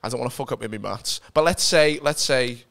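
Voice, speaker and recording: Man, comedy podcast guest, rambling, laughs easily, mid-pitched. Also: a little fast, vocal fry, fairly bright tone. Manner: laughs often, loose and rambling. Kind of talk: improvised comedy podcast chat.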